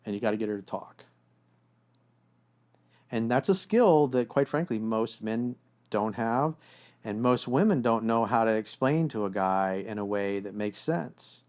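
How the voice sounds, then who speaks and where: A man's voice: fairly low pitch, unhurried. A man giving relationship advice in a blunt, casual way, often acting out what partners say to each other. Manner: blunt, animated, acts out quoted voices. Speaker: relationship coach.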